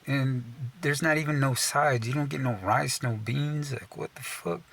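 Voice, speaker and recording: A man's voice: mid-range voice, measured pace, gravelly, a bit bright. A young man from Texas telling a casual, profane rant, swearing constantly, saying "dude" a lot and laughing at himself mid-sentence. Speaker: storyteller.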